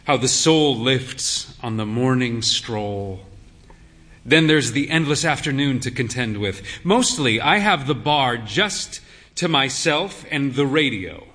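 Slow, weary male story narrator. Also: mid-range voice, lively intonation, bright, forceful tone, long reverb tail. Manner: weary, wry, unhurried. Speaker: narrator, pub landlord. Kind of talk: literary story reading.

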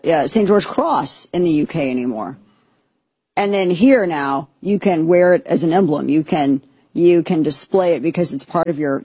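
A woman's voice: on the low side, mellow, husky, no room sound. A woman hosting a podcast, giving chatty, sarcastic, rambling commentary. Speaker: podcast host. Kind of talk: opinionated casual commentary.

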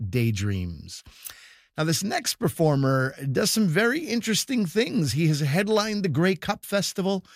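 A man hosting a radio comedy show, reading scripted introductions of the comedians in a smooth announcer style. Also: fairly high pitch, dry recording, clean studio sound.

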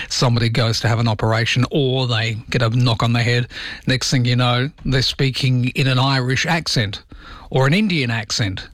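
A man hosts a radio show from a dry, close-miked studio. His pitch sits in the middle of the range, and his talk is chatty and animated. He keeps throwing rhetorical questions to his listeners. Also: no echo. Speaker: radio host. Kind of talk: casual talk radio chat. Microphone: studio microphone.

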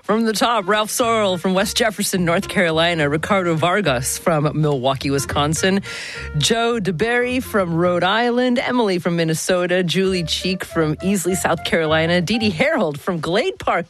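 A woman hosting a public radio talk show, speaking in a measured, articulate way with light laughter. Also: lowish voice, dry recording.

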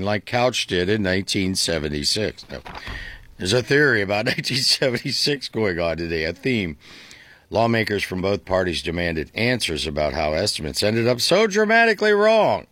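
A man's voice: fairly low pitch, fairly bright tone, no room sound. A male talk show host reading the news aloud with sarcastic, mocking asides.

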